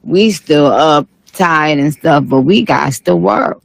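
A man's voice: fairly high pitch, slow pace, gravelly, no room sound, rough recording. A man doing a comic impression of a sassy, tired female rap star who reads live chat comments on a late-night stream, with a drawling, profane manner.

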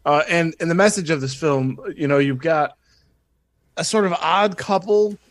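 Man, somewhat high voice, dry close sound, earnest enthusiastic chat, lots of fillers. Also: normal speed, no room sound. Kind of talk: casual chat.

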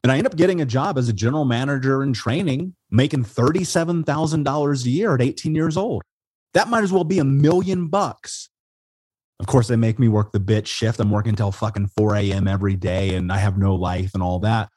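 A man from Indiana, an interview guest, telling his life story in a casual, animated way, swearing and calling people "dude" and "man". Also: medium pitch, a little fast, no room sound. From Indiana, USA.

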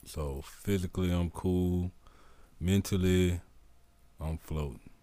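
A man's voice: low-pitched, steady tone, takes it slowly, mellow, no room sound. A young man co-hosting a casual podcast, joking and profane, now and then breaking into song. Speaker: podcast co-host, veteran.

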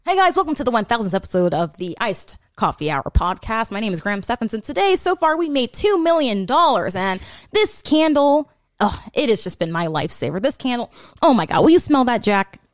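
A woman's voice: fairly high pitch, very animated, fairly quick, no echo, studio quality. A woman imitating a boastful, hyped-up male podcast host who rambles and name-drops. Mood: mock-bragging. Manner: showy, rambling, name-dropping. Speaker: guest.

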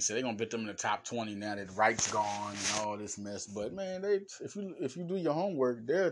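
A man hosting a solo sports podcast as a basketball analyst, talking in an animated, emphatic way with slangy phrasing and frequent stammered restarts. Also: mid-range voice. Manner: informal slangy speech, addressing fans directly. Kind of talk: casual solo podcast talk.

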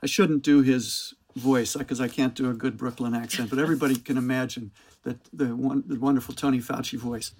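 A man, an author, explaining science in a measured way during a talk to a book club. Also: mid-range voice, fairly even intonation, a little mellow, slightly rough.

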